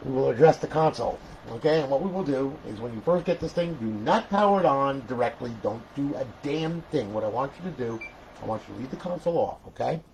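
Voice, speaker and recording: A man giving a casual gameplay tutorial, rambling and swearing, who breaks into loud trash talk at other players. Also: mid-range voice, expressive, fast, vocal fry, a little hiss or hum. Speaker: console modder demoing a modded console.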